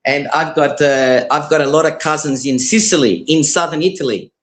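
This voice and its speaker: A man's voice: a little high, moderate pace, low-quality recording. A man from Australia calling in to a live show, chatting in a rambling way and repeating his words. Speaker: caller. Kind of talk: casual chat.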